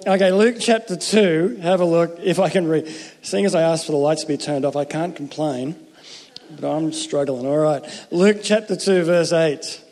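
A man with a high voice delivers a relaxed, joking sermon, often stumbling and restarting his phrases. The sound carries a long hall reverb. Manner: conversational, jokey, self-interrupting. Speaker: pastor.

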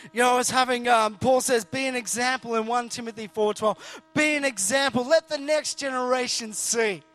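Male preacher, high tenor, casual sermon, self-deprecating, stop-start phrasing. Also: fairly bright tone. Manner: earnest, jokey, frequent restarts. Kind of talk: conversational sermon.

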